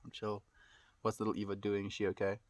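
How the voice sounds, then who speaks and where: A young man chatting calmly on his live stream, reassuring viewers and often calling them "my friend". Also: on the low side, fast. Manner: calm, reassuring, says "my friend" a lot. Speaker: livestreamer. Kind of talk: casual live stream chat reading viewer comments. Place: at home.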